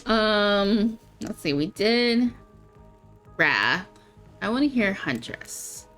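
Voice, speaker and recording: A woman's voice: medium pitch, lively intonation, very slow, fairly bright tone, faint music behind. An actress playing a playful, teasing woman in a video game, telling stories with dry banter.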